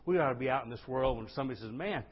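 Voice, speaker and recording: An exuberant man preaching to his congregation, his husky voice leaping up in excitement and then dropping low. His middle-pitched tone comes through a dull, lo-fi recording. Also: rapid-fire. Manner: exuberant, swings from loud to hushed. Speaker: pastor. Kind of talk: sermon. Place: church sanctuary. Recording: dull lo-fi sound.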